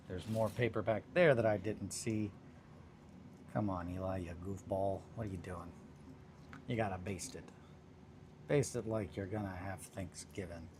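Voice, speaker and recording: A man's voice: lowish voice, a little slow, a little hiss or hum. A young man casually chatting with viewers on a livestream while he works on a hobby project, joking around and reading chat aloud. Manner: laid-back, joking, reads chat aloud.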